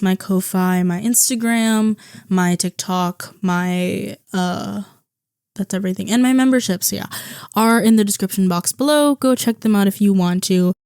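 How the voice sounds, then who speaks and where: A woman's voice: medium pitch, darkish tone, clear, resonant tone, dry recording, clean studio sound. A young woman vlogging a casual, rambling movie review, tired and chatty, full of "like" and "um".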